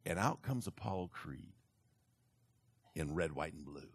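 A man telling a story to an audience in an animated way, slipping into character voices. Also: low-pitched, a little slow, husky.

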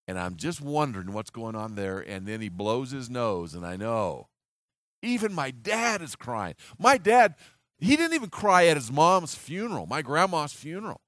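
A man's voice: mid-range voice, fairly bright tone, dry recording, clean studio sound. A man in his sixties from the United States, preaching a sermon as an earnest story full of restarts and acted quotes.

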